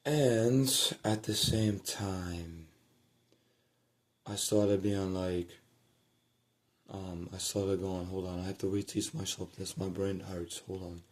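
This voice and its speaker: A man with a low, mellow voice recounts a story to the camera from his home at night. He rambles and swears, restarts his sentences, and lets his voice sink to a murmur now and then. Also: fairly even intonation, takes it slowly. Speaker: vlogger telling a personal story.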